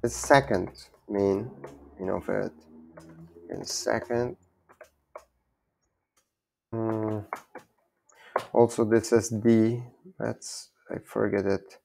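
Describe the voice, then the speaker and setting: Low slow guy w/ a gravelly voice, keeps repeating words n fixing himself. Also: fairly even intonation, dark tone, slight background noise. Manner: halting, repeats words, self-correcting. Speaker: language learner teaching German basics. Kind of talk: informal self-taught lesson.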